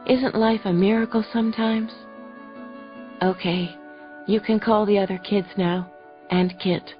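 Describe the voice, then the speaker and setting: A woman voicing a hushed young new mother. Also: mid-range voice, steady tone, a little slow, natural voice. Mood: hushed wonder. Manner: soft, hushed and breathless. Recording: dull lo-fi audio, faint music.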